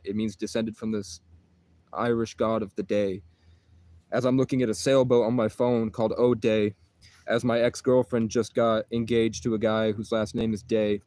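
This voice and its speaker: A man's voice: mid-range voice, fairly even intonation, moderate pace, a little mellow, no echo. A man in a casual vlog monologue, talking in an intense, rambling, profane way.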